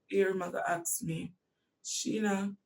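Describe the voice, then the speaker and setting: A woman with a Jamaican accent telling a personal story in casual talk, animated and breaking into shouts at tense moments. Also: on the high side, normal speed, far from the mic, slight background noise.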